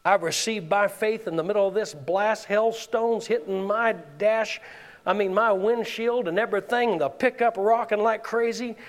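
A man's voice: sits high, steady tone, normal speed, big-room sound. A man, a pastor, preaching with passion and leading the congregation in call-and-response. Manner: impassioned preaching with call-and-response, rising to shouts. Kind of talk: sermon. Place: church sanctuary.

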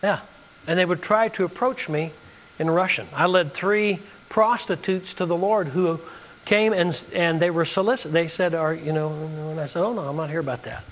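A man's voice: high-pitched, fairly even intonation, moderate pace, in a large hall. A man preaching a sermon from the United States, telling a story and acting out the dialogue.

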